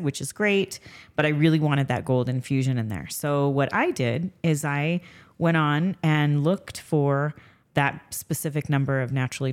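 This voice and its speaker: A low-pitched woman hosts a casual podcast chat. She tells stories with energy, acting out what people said and laughing often. Her voice sits deep for a woman. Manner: animated, acts out quoted dialogue, laughs often. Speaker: podcast host and skincare business owner.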